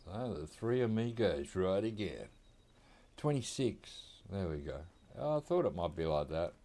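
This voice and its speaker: Aussie streamer guy, low voice, easygoing rambling game commentary from home. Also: big pitch swings, a little slow, dark tone. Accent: Australian. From Australia. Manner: laid-back, rambling, chuckling often. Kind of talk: casual gameplay commentary.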